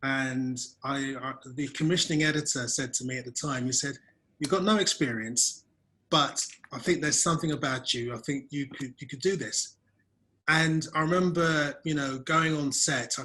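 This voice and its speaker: A man's voice: mid-range voice, normal speed, pushed and bright, low-quality recording. A man hosting a video-call webinar interview, telling casual self-deprecating stories about his early days on camera. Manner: chatty, self-deprecating storyteller. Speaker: webinar host.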